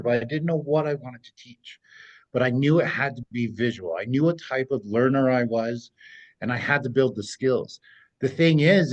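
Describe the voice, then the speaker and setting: A man's voice: medium pitch, low-quality recording. A man around forty, a self-defense coach hosting a casual podcast, tells stories and keeps checking in with "right?". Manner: storytelling, often tags phrases with "right?".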